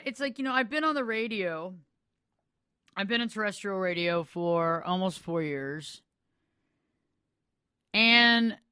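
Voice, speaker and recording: Woman podcast host chatting about her life, excited, smooth clear voice, dry close mic. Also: medium pitch, no echo. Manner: animated storyteller acting out quoted dialogue; casual, excited, filler words. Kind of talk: personal storytelling monologue.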